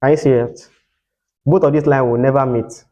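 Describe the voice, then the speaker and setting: A man's voice: mid-range voice, fairly even intonation, moderate pace, warm tone, lo-fi sound. A man teaching a whiteboard lesson as a tutor, asking the class questions and repeating key terms for them to answer.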